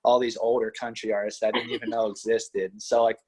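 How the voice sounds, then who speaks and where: Fast-talking and level in tone, the young adult wrestler has a lowish, slightly mellow voice with a breathy edge. His western Pennsylvania speech blends Pittsburgh and Midwest sounds, and in this relaxed interview chat he stays modest and easygoing, sprinkling in lots of "like" and "you know."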